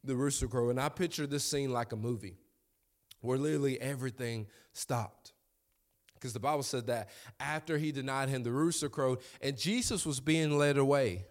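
A man's voice: medium pitch, normal speed. A young man, preaching a sermon in a conversational, storytelling way with asides to the congregation. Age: young adult.

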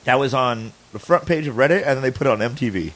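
A man's voice: mid-range voice, fast, fairly bright tone. A man hosting a podcast, telling a long story in loose, casual chat, swearing freely and restarting his sentences. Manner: loose, profane and laughing, with frequent restarts. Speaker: podcast host.

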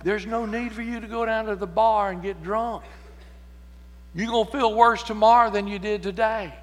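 A male preacher drives his point home with rolling repeated phrases, then drops into folksy storytelling. His voice sits high and rings in the long reverb of a church sanctuary. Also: fairly even intonation, normal speed. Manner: emphatic, repetitive build-ups rising to shouts. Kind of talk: sermon.

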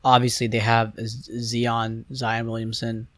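A young man chatting loosely on a sports podcast, circling back and restarting his sentences as he thinks aloud. His voice sits at an ordinary pitch, recorded dry and close with no room sound. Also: brisk, no room sound. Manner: rambling, hesitant, many restarts and fillers. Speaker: podcast co-host. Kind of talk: casual sports chat.

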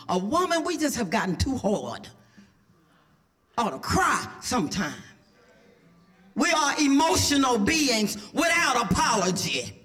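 A middle-aged woman pastor preaching an impassioned sermon, dropping to whispers and then rising to shouts. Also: sits low.

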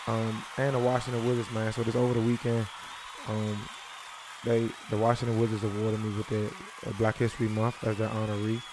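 A man's voice: fairly low pitch, completely flat delivery, brisk, noisy background. A man co-hosting a podcast, laid-back and profane, often saying "you know what I mean". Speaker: podcast co-host. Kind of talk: casual chat.

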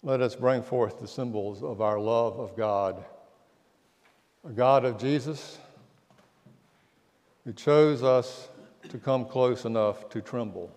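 A pastor delivering a sermon, telling stories and dropping to a hush at the key lines. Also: male voice, mid-range voice, takes it slowly, long pauses. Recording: long church reverb.

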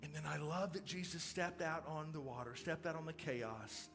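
A middle-aged male pastor delivering a sermon, moving from calm storytelling to loud, excited preaching. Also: on the high side, normal speed, music in the background.

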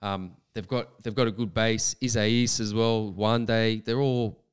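A man co-hosts sports talk radio as a football pundit, with a very resonant, smooth voice that sits a little low. He gives measured analysis, thinking aloud with "um" fillers and restarts. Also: steady tone.

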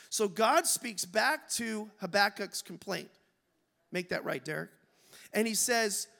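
Male pastor, sermon, high gravelly voice, calls for amens, long church-hall reverb. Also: moderate pace, bright, forceful tone. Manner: emphatic, calls out to the congregation for amens. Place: church sanctuary.

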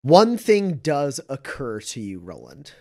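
A man's voice: fairly high pitch, huge pitch swings, slow pace, warm tone. A man running a tabletop game as game master, narrating casually with frequent fillers.

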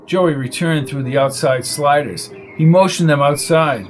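A man narrates a crime novel in a steady, even reading voice. His voice sits a little high for a man, and soft music plays faintly behind him. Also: a little slow, rough recording. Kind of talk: audiobook reading.

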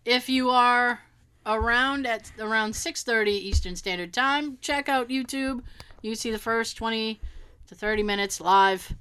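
A woman co-hosting a podcast, telling a funny story in animated casual chat and laughing often. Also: a little high, a little slow, clean tone. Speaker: podcast co-host.

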